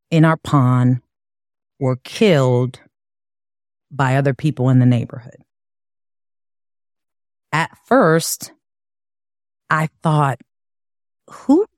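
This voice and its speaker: A woman from Chicago telling her own life story in an earnest, measured, reflective way. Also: low-pitched, a little mellow, no echo, clean studio sound. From Chicago, USA. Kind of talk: personal storytelling.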